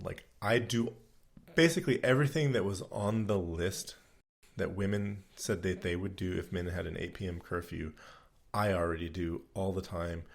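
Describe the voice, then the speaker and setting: A low-voiced man with a gravelly, husky texture, co-hosting a podcast in easy conversation. He rambles along, circling back with fillers and restarts as he explains things. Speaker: podcast co-host. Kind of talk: casual chat.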